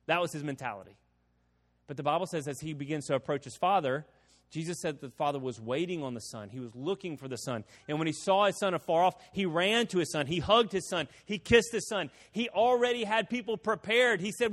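High-voiced preacher in an echoing hall. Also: male voice, a little fast. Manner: preaching with sudden loud emphatic swells. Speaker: pastor. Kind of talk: sermon.

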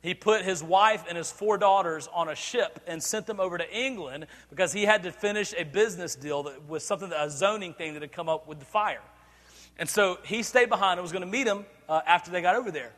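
Bright-voiced man preaching in a hall. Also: sits high, fairly quick. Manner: animated, acts out scenes, laughs often. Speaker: pastor. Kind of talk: sermon. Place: church sanctuary.

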